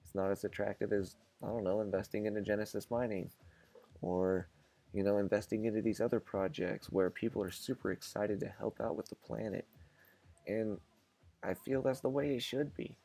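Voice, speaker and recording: Gravelly low-voiced man vlogging. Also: steady tone, moderate pace, warm tone. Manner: musing, asks rhetorical questions. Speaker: vlog host. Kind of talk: casual monologue to camera.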